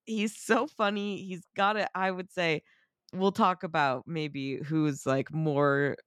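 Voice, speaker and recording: A podcast co-host chatting excitedly about a movie, swearing freely, acting out quotes and laughing often. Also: mid-range voice, takes it slowly, clean tone, no room sound, clean studio sound. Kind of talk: casual movie review chat.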